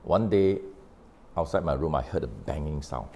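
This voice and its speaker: Low-voiced Malaysian man telling a story. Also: expressive, dark tone, a little hiss or hum. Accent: Malaysian English. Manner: recounts conversations with quoted dialogue, unhurried, explanatory. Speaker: author sharing on his book. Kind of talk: casual storytelling talk.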